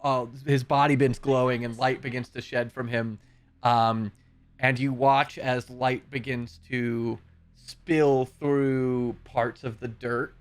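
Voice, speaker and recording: Slow, unhurried young man narrating as game master. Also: medium pitch, level tone, no room sound. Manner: slow, hesitant narration with fillers.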